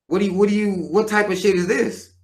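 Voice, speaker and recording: A man's voice: sits high, fairly even intonation, fast, darkish tone. A man in his thirties hosting a live show, ranting bluntly and with plenty of profanity. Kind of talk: livestream rant.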